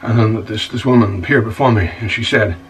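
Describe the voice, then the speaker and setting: A man's voice: fairly low pitch, a little fast, distant mic, a little hiss or hum, natural voice, rough recording. A man playing a stammering aggrieved bar owner. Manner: stammering, repeats words, calls the listener "son". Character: rough, self-pitying male bar-owner scoundrel. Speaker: bar owner recounting his troubles. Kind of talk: monologue in a comedy-drama web series.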